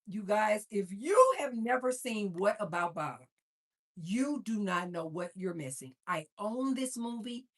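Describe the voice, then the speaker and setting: Slow-talking woman chatting while cooking. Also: mid-range voice. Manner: animated storyteller, talks to viewers as "you guys". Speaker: livestream host. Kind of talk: casual cooking livestream chat.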